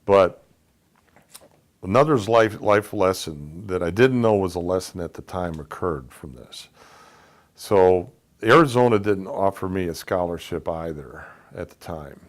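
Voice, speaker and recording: A man's voice: low-pitched, a little slow. A man telling a personal story in a casual, conversational way, acting out the voices of people in it. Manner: conversational, acts out quoted dialogue. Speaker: speaker telling his life story.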